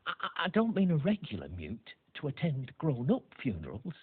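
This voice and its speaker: Meek hesitant undertaker, soft stammering, swooping voice, tinny film audio. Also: male voice, on the high side, wildly swooping pitch, moderate pace, breathy edge, full character voice. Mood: timid. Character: timid, meek middle-aged undertaker. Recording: tinny old film soundtrack.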